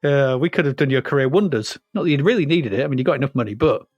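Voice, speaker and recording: A man's voice: medium pitch, very fast, husky, no room sound, lo-fi sound. A man co-hosting a podcast, chatting casually and trading playful quips with easy laughter. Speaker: podcast co-host. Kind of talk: casual chat.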